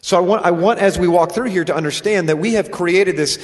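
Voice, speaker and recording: A man's voice: sits high, a little fast. A man co-hosting a scripture discussion, explaining emphatically and restarting his phrases. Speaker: co-host. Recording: long hall reverb.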